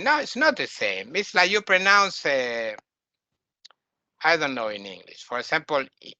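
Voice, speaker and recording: A man's voice: sits high, very animated, normal speed, sharp tone, no echo. A man teaching a lesson, emphatic, repeating and correcting words again and again. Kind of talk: lecture on Sanskrit texts. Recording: dull lo-fi recording.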